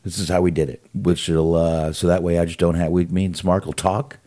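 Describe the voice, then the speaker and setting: Low-voiced man rambling casually on a video call. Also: little pitch movement, a little fast, warm tone. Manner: loose and profane, rambling with fillers. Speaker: podcast co-host. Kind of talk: casual chat.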